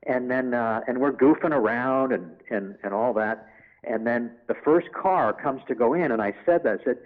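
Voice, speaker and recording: A man in the guest's seat, spinning a long anecdote with lively energy and dropping into other voices as he quotes them. His voice sits at an ordinary male pitch. It comes through a narrow, phone-like channel. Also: fairly quick. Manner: animated, acts out quoted voices. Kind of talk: anecdotal interview storytelling.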